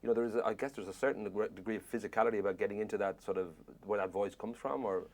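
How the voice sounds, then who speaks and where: A man's voice: lowish voice, fairly even intonation, racing, darkish tone. An Irish man interviewing an actor, asking long rambling questions with jokes. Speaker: film interviewer.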